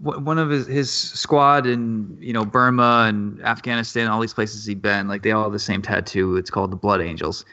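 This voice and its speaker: A man in a casual podcast chat, talking about his comic in a relaxed, rambling way with fillers. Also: fairly low pitch, normal speed, few pauses. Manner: laid-back, rambling with fillers and laughs. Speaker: comic creator guest. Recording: dull lo-fi podcast audio.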